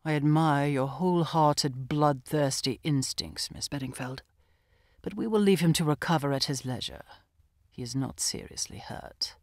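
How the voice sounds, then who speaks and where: A woman's voice: low voice, lively intonation, moderate pace, a little mellow, dry recording, clean studio sound, pitched below the performer's own voice. A woman reading a curt, brooding young man. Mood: dry. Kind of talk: audiobook character reading.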